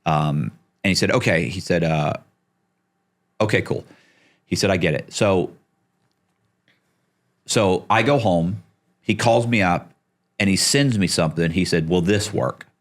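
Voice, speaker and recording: Middle-aged male guest, deep voice, chatty storyteller who does the voices of the people in his story. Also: measured pace, long pauses. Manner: animated, acts out the people he quotes, swears casually. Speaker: podcast guest. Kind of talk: casual storytelling interview.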